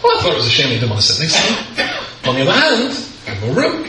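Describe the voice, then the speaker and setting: A middle-aged British rabbi telling a humorous anecdote to an audience, acting out the people in it. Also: male voice, mid-range voice, fast, slight background noise. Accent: British English. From Britain. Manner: animated storyteller, acts out the people in the story. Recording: very roomy echo, speaker far from the mic, faint ambience.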